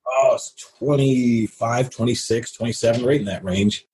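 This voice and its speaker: A man's voice: medium pitch, normal speed, crowd noise, low-quality recording. A middle-aged man telling stories from his business life as a podcast guest, blunt and swearing freely. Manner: blunt, profane, animated storyteller. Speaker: entrepreneur guest. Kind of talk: casual storytelling interview.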